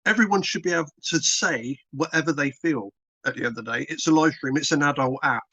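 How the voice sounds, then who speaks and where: A man's voice: on the high side, brisk, pushed and bright, no echo. British male interviewee, casual and repetitive, mid-range voice, dull dry recording. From Britain. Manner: rambling, repetitive, plain-spoken. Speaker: interview guest, content creator.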